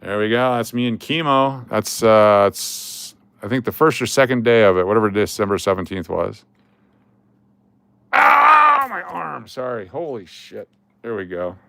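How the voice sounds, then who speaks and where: Smooth-voiced man chatting casually and joking. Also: fairly low pitch, moderate pace. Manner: rambling and joking, with chuckles and trailing restarts. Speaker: coin collecting channel host. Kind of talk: casual vlog chat while scrolling through photos.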